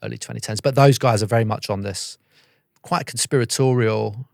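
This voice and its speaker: A man, a former soldier turned journalist, talking as a guest on a podcast, telling stories in an animated way and acting out the people he quotes. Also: mid-range voice, brisk, vocal fry, no room sound, studio quality. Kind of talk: conversational podcast interview.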